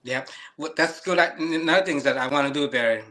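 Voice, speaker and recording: Bright-voiced earnest man in his fifties. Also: on the high side, fast. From Thailand. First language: Lao. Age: 50s. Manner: earnest, non-native English grammar. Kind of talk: casual chat.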